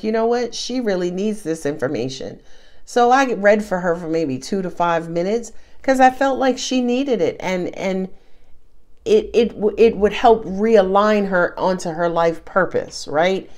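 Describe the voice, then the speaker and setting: A woman's voice: medium pitch, a little slow, a little mellow. A woman reading tarot cards to camera in a casual, emphatic way, full of slang and calling the listener baby. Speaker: tarot reader.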